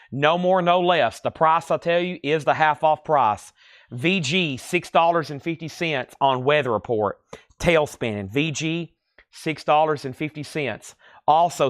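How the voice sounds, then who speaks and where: A man with a lilting Tennessee accent hosting a live-stream record sale, reading titles, conditions and prices in a steady, easy patter. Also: on the high side, dry recording, studio quality. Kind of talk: live-stream auction selling.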